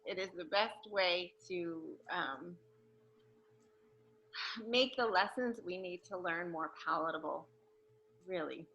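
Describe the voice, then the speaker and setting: Bright-voiced chatty woman author. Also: on the low side, muffled recording, slight background noise. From New York, USA. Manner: chatty and joking, with quick self-corrections. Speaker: guest author. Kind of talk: casual talk at the end of an online Q&A.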